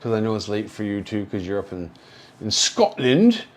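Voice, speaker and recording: A man from Canada hosting a casual livestream from a hospital room, rambling slowly with many fillers, drowsy and slurring from painkillers. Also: on the low side, little pitch movement, a little mellow. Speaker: livestream host. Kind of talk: casual livestream chat reading viewer comments.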